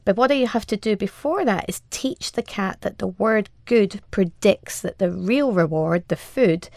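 A woman who is a cat behaviour expert, calmly explaining training in an interview, step by step with examples. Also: medium pitch, creaky, dry recording, clean studio sound.

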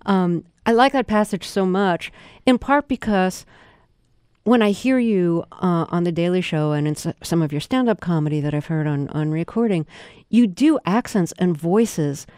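An interviewer asking measured, thoughtful questions in a conversational interview. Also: mid-range voice, darkish tone, clean tone, no echo, studio quality.

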